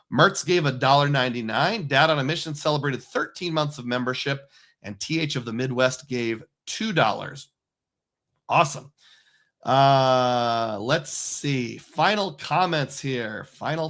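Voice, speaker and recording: A man's voice: mid-range voice, a bit bright. A man hosting a casual livestream, chatting loosely and reading out supporter names. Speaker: livestream host.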